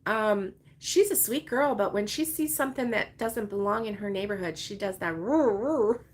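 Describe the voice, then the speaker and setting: A woman's voice: medium pitch, normal speed. A woman hosting a casual crochet livestream from home, rambling and chatting with viewers and laughing often. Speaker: crochet channel host. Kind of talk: casual livestream chat reading viewer comments. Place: her home, with dogs around.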